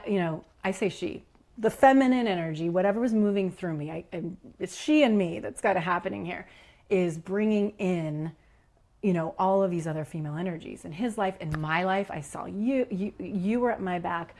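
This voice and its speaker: A woman, a leadership coach, telling a personal spiritual story as a podcast guest, in an animated, earnest way with many "like" and "you know" fillers. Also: fairly low pitch.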